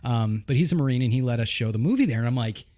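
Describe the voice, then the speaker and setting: A man's voice: mid-range voice, quick pace. A man hosting a podcast in casual chat, telling stories with lots of laughter. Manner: animated storyteller, laughs often, does voices. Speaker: podcast host.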